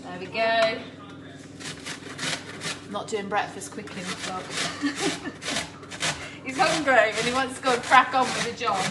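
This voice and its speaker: A woman's voice: a little high, a little slow, pauses often, far from the mic, heavy background noise. Chatty woman cooking in an echoey kitchen. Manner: chatty, greets viewers, laughs often. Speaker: cooking vlogger. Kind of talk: live-stream cooking chat. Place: home kitchen. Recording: echoey kitchen, clattering pots.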